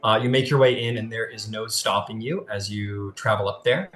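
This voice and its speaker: A man's voice: on the low side, fairly even intonation, normal speed, a bit bright. A man narrating as game master of a tabletop game, casual and full of "uh" and "like". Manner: casual, filler-heavy narration.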